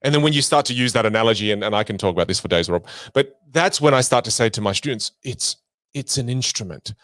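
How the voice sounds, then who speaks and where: A man guest on an interview podcast, a voice coach who talks expressively and swings his pitch and volume to make his points. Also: lively intonation, quick pace, a bit bright, no room sound. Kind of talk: animated conversational interview.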